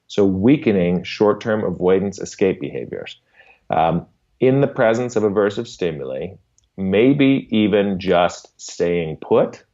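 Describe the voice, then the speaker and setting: Deep-voiced man explaining patiently. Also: mellow, highs cut off. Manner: patient, explanatory, often checks in with "right?". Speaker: podcast guest, behavior analyst. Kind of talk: conversational explanation in an interview.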